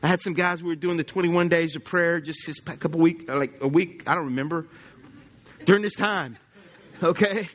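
A male pastor, preaching in church in a loose, conversational way. His voice sits high for a man, and he keeps turning to the congregation with questions. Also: a little fast, fairly bright tone. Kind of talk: sermon.

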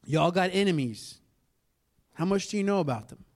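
A fairly high-voiced man preaches as if chatting with friends. He tells a personal story in a lively, conversational way, throwing asides to the congregation. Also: normal speed. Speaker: pastor. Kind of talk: sermon storytelling.

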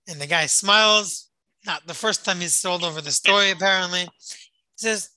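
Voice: medium pitch, moderate pace, pushed and bright, no room sound, rough recording. A Torah study leader telling a story to a group on a call, rambling and repeating words, explaining Hebrew terms as they go. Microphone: call or online meeting.

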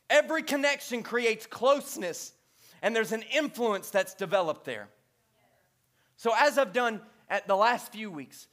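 A man's voice: extremely high pitch, a bit bright. A man in his thirties from Louisiana preaching a sermon in church, conversational and joking, with repeated refrains. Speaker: pastor.

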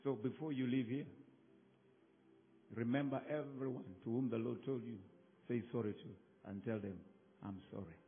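A male pastor, preaching emphatically to his congregation, swinging from loud calls to soft drops. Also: mid-range voice, steady tone, normal speed, long pauses. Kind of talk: sermon. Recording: phone-like narrow sound.

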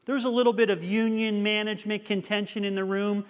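A man's voice: high voice, little pitch movement, fast talker, in a large hall. A middle-aged man preaching a sermon, telling a personal story in an earnest, confessional way.

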